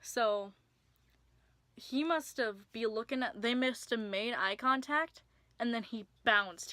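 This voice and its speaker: A woman's voice: medium pitch, pushed and bright, dry recording. A young woman telling a personal story to camera in a casual vlog, chatty with lots of filler words and sudden whispers for emphasis. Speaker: vlogger.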